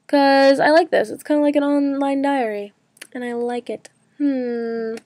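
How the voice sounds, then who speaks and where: A woman's voice: sits high, fairly even intonation, unhurried, darkish tone. A young woman in college, talking through her day in a rambling casual vlog full of "like" and "um". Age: young adult. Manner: chatty, rambling, lots of "like" and "um". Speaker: college student vlogger.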